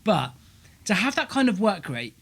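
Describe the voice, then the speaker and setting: A man's voice: high-pitched, very animated, moderate pace, vocal fry, fairly bright tone. A man, a comedian co-hosting, telling gym stories in casual banter and laughing often. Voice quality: laughs often, chatty, acts out quotes. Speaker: comedian co-host.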